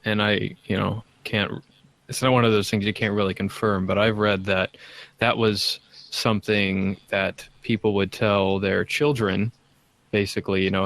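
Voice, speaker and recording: A man on a casual podcast, explaining a point in a measured, hedging way. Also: lowish voice, little pitch movement, gravelly, fairly bright tone, dry recording.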